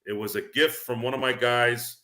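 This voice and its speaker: A man's voice: mid-range voice, steady tone, normal speed, bright, forceful tone. A man hosting a sports talk show, rambling emphatically from basketball into life lessons. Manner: rambling, emphatic, preachy asides. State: tipsy. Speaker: show host. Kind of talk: casual sports talk monologue.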